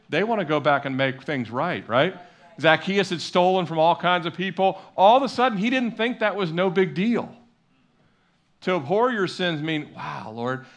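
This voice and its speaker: A man's voice: fairly high pitch, a bit bright. A middle-aged male pastor preaching a sermon in a church, talking conversationally with repetition and acted-out quotes. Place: church sanctuary.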